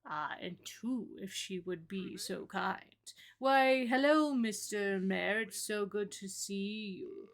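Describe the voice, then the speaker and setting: A woman voicing a posh, pompous male gentleman with a put-on British accent and a menacing streak. He speaks in an affected drawl. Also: mid-range voice, takes it slowly. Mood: smug menace.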